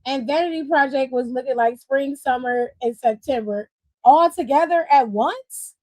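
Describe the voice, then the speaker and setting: A woman's voice: high-pitched, normal speed, a little mellow, dry recording, low-quality recording. A woman hosting a casual wrestling recap, blunt and profane, breaking into laughter and side comments.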